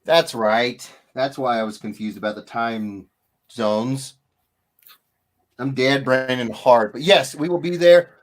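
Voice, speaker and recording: A man co-hosting a casual livestream, bantering playfully with viewers and his co-host. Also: slow. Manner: playful, bantering, swings pitch a lot.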